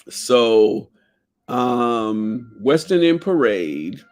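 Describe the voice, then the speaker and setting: A man's voice: lowish voice, measured pace. A man from Jamaica with a Jamaican accent, hosting a casual talk show and reading from his notes with loose asides. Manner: reads headings aloud, drifts into loose asides. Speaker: podcast host.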